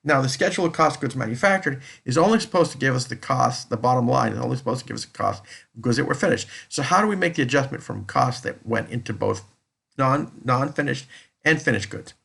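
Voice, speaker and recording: Gravelly-voiced man explaining accounting. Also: mid-range voice, expressive, fast, a bit bright. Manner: explanatory, repeats and restates points. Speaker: accounting lecturer. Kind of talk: recorded lecture walking through a spreadsheet.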